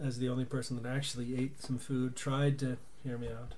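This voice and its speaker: A man's voice: mid-range voice, little pitch movement, fairly quick, darkish tone, slight background noise. A man playing a tabletop game, talking in a theatrical, rambling way. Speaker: player. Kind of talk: casual tabletop game banter.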